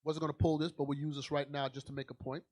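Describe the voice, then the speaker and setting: A man preaching a fiery sermon as a bishop, emphatic and calling out to the congregation, swinging from low asides to loud declarations. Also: level tone, quick pace.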